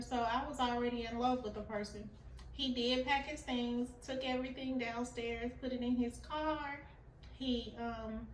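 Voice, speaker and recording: A woman with a high voice tells a personal story in a relaxed, unhurried way, earnest and confessional. The recording is roomy and set back from the mic, with faint ambience behind her. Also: distant mic, a little hiss or hum. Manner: earnest, confessional, acts out quoted dialogue. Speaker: vlogger sharing a personal story.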